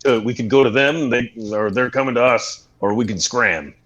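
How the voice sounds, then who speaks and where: A man's voice: mid-range voice, moderate pace, a bit bright. A man playing a tabletop game who makes blunt, jokey remarks. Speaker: player. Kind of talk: casual tabletop play. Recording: dull lo-fi audio, far from mic.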